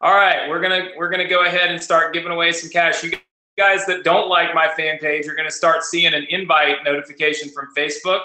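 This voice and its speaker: Fast-talking man in a roomy echo. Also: a little high, level tone, bright, forceful tone. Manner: fast, rapid-fire like an auctioneer. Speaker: host of a live cash giveaway. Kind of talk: live-streamed webinar talk.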